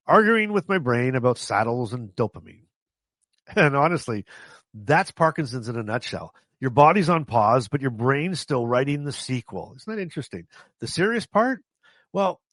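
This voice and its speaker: A man's voice: mid-range voice, a bit bright, no room sound. A man telling funny stories from his own life in a casual, self-mocking way, laughing often and stopping to restart his sentences. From Canada. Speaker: vlogger. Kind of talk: casual storytelling to camera.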